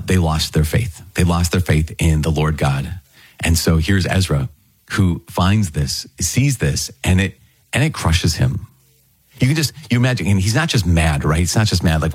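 A man teaches from scripture in an earnest, conversational sermon style. His voice sits very low with a husky edge. The recording is dry and close. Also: no echo. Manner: earnest, conversational, repeats words and phrases. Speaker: preacher.

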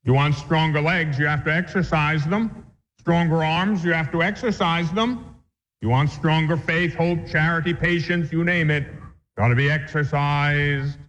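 A man's voice: on the high side, steady tone, unhurried, fairly bright tone. A man, a Catholic priest, teaching a catechism class in an earnest, emphatic way and repeating his key points. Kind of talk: religious lecture. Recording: dull lo-fi sound in a reverberant hall.

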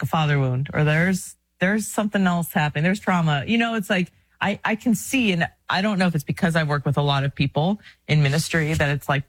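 A woman's voice: low-pitched, husky, no room sound. Earnest, chatty woman co-host, dry close sound. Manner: earnest, chatty, animated with laughs. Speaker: podcast co-host. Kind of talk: casual faith talk.

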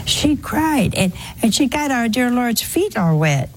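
A woman's voice: fairly high pitch, very animated, measured pace, few pauses, a little hiss or hum. A woman giving a spoken sermon to a congregation in a folksy way, full of rhetorical questions and anecdotes. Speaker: religious speaker.

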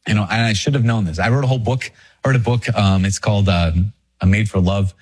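A man, a Catholic priest, talking casually to camera, chatty and self-deprecating with animated asides. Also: on the low side, fast, slightly rough. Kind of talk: casual video talk.

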